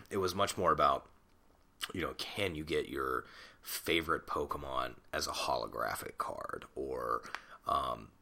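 A man's voice: very deep voice, unhurried, creaky, long pauses, sharp tone. A man in his twenties hosting a solo podcast on a desktop mic at home, rambling and self-conscious, swearing casually. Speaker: podcast host. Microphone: desktop USB mic.

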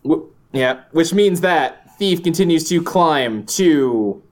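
A man co-hosting a casual gaming podcast, relaxed and chatty, with lots of fillers and the odd swear. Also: on the high side, slow. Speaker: podcast co-host. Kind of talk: casual chat.

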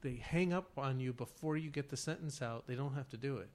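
Man, casual podcast co-host, rambling storyteller, average pitch. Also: brisk. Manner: rambling storyteller, acts out phone callers. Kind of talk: casual chat.

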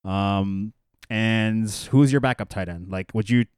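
A man with a low-pitched, smooth voice rambles through a casual sports chat, stopping and restarting his sentences. He sounds close to the mic in a dry room. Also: a little slow, a little mellow, no echo. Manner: loose and rambling, many fillers and restarts. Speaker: podcast co-host. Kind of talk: casual fantasy football chat.

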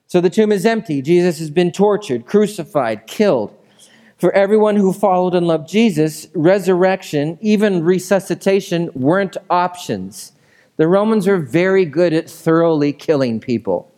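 A man's voice: high-pitched, lively intonation, moderate pace, warm tone. A man preaching a sermon in a casual, conversational way, often asking his listeners questions. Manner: conversational, asks the room questions. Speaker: pastor.

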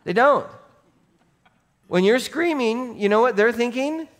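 A man preaching a sermon as pastor, animated, going from soft asides to shouts and acting out what people say. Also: very high voice, measured pace, long pauses. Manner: animated, swings between soft and shouting, acts out quotes.

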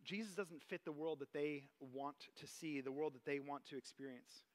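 Man, pastor, casual sermon, conversational, high voice. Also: moderate pace. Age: adult parent. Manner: conversational, animated, personal anecdotes.

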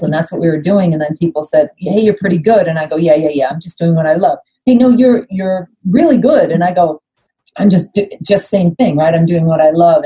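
A woman's voice: lowish voice, rough recording. A middle-aged American woman, a former athlete, telling stories in a casual interview and acting out quoted dialogue. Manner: animated, acts out quoted dialogue. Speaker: podcast guest, former Olympic skier.

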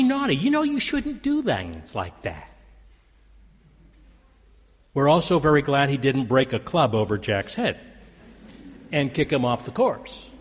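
A man's voice: mid-range voice, in a large hall. A man preaching a sermon, dramatic in delivery, quoting scripture with raised force. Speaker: pastor. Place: church sanctuary.

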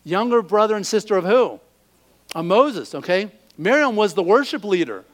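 High-voiced animated male preacher. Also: normal speed. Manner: animated, acts out quoted voices. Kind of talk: sermon.

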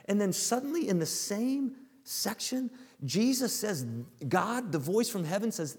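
A male preacher delivers an emphatic sermon. His voice sits a little high and carries a gravelly grain. Long hall reverb trails after his lines. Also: animated. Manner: emphatic, slows down and drops to a hush on key words. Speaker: pastor.

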